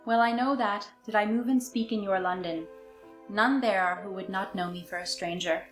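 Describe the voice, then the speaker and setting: A woman's voice: medium pitch, moderate pace, lightly acted. A woman voicing a courtly old male vampire count, reading a novel aloud with formal, stately phrasing, in an echoey room. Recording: echoey room, faint music.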